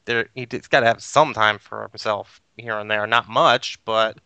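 A man co-hosting a casual podcast, easygoing with soft laughs. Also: on the low side, fairly even intonation, moderate pace, clear, resonant tone. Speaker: podcast co-host. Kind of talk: casual chat.

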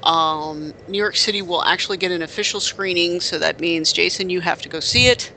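A man with a high, brisk, creaky voice that sounds pushed and bright co-hosts a casual podcast, with slight background noise. He tells rambling stories in casual chat, restarting often, leaning on fillers and correcting himself.

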